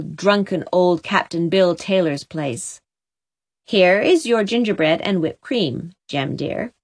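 A woman narrating a storybook chapter in a steady, expressive reading. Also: lowish voice, no room sound. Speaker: audiobook narrator.

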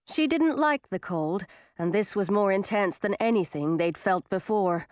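A woman narrating a children's storybook aloud in a lively, expressive way. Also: mid-range voice, measured pace, no room sound, studio quality.

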